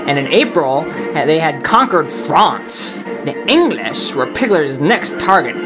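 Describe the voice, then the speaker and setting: A man reading his fan fiction aloud, halting and stumbling over words. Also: on the high side, sing-song. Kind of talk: amateur story reading. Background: background film-score music.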